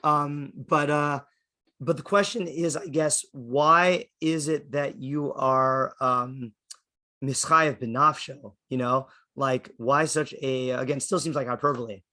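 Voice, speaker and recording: A man's voice: mid-range voice, steady tone, slow, sharp tone. A man, a rabbi, explaining a text to his class, often checking in with "okay?" and thinking aloud. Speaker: rabbi teaching a Torah class.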